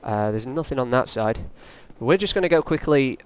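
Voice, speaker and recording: A man's voice: mid-range voice, animated, moderate pace, darkish tone, clear, resonant tone. A man doing casual, rambling let's play commentary, often taunting the enemies on screen. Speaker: gaming channel host.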